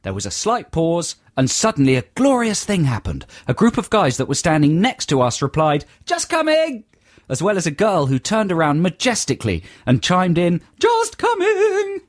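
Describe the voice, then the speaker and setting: A man's voice: a little high, very animated, brisk, few pauses, no echo. A man co-hosting a comic radio show in a studio, reading listener emails with dry asides and playful impressions. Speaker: radio co-host. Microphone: studio microphone.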